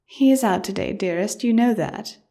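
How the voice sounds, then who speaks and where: A woman narrator voicing a pregnant mare queen who speaks to her daughter in a warm, soft, coaxing way. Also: medium pitch, moderate pace, close to an everyday voice. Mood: tender. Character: gentle pregnant mare queen mother, tender and calm. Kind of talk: audiobook character voice.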